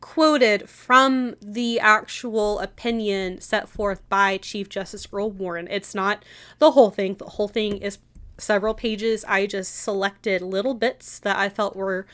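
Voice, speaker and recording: A woman's voice: medium pitch, fairly even intonation, unhurried, a bit bright. A woman co-hosting a history podcast, chatty and enthusiastic with frequent laughs. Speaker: podcast co-host. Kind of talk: casual history podcast chat.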